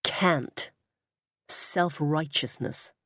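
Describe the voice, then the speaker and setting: A sharp, disgusted woman, voiced by a reader who speaks coolly and deliberately, every word cutting. The voice is low and husky, the delivery slow, and the sound is dry and close to the mic. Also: lively intonation, dry recording.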